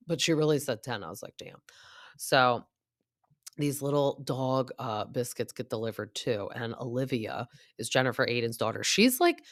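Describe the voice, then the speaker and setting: A woman's voice: very deep voice, big pitch swings, moderate pace, dry recording, clean studio sound. A woman in her thirties giving a chatty, gossipy recap of a reality show, full of asides and quoted lines. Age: 30s. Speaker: podcast host.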